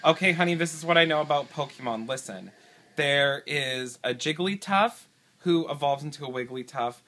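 A man with a high, bright, sharp-edged voice rambles through a quiz on a home video. He sounds flustered and exasperated and swears freely. He is picked up by a camera his partner is holding. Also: normal speed. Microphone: camera held by partner.

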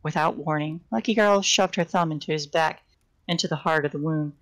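A woman's voice: low-pitched, fairly quick, rough recording. A woman casually reading a novel aloud on a live stream, giving the characters' lines small shifts in voice and sometimes stumbling and restarting. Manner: reads dialogue with small shifts for characters, occasional slips and restarts.

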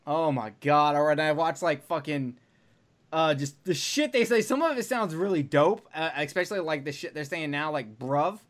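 A man hosting a podcast, chatting casually in a profane, animated way. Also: on the high side, normal speed. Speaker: podcast host.

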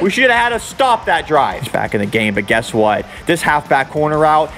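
Hyped gamer guy talking over his football game, high voice that jumps around a lot, mumbles then shouts, music going. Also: normal speed, few pauses. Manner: excitable, swings between muttered asides and sudden shouts. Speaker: gaming YouTuber. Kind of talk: live commentary over his own football video game play.

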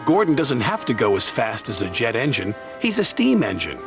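A man voicing a small, curious young male engine in a storybook reading, with loud music underneath. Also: mid-range voice, wildly swooping pitch, moderate pace, gravelly. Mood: gentle.

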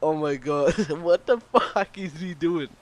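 A man's voice: fairly high pitch, takes it slowly. A man playing a police officer in a game roleplay, panicky and pleading, stammering as he talks. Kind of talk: in-character roleplay.

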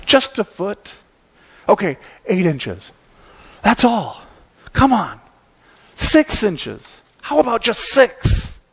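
Impatient cartoon little boy, shrill and pleading, put on by a male preacher. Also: wildly swooping pitch, slow pace, pauses often, husky, heavily acted. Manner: whiny, shouting, pleading.

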